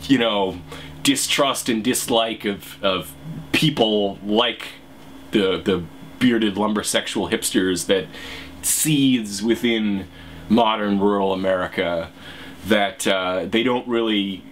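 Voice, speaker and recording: A man's voice: lowish voice, slow pace, a bit bright, a little hiss or hum. A man vlogging in a rambling, hesitant casual commentary monologue.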